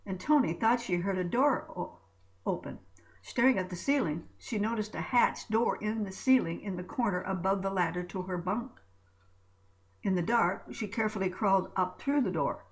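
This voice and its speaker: A woman's voice: mid-range voice, rough recording. A woman narrating a story aloud, reading with small slips and restarts.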